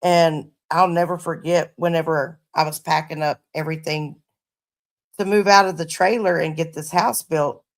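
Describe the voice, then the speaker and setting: Gravelly-voiced woman swearing casually. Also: low-pitched, fairly even intonation, moderate pace. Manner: profane, laid-back storytelling. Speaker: livestreamer chatting with viewers. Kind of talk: casual livestream chat. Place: her home.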